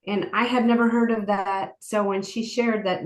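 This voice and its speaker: Casting: earnest woman guest, mid-pitch, chatty storyteller, echoey room. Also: moderate pace, hardly any pauses. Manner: earnest, rambling with frequent "like". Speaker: guest, horse program founder. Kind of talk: personal storytelling in interview. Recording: roomy echo.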